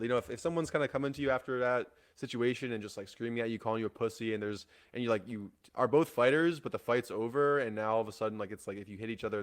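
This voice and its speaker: A man hosting a solo fight-news show, rambling in a casual way with lots of fillers, restarts and swearing. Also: mid-range voice. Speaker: MMA podcast host.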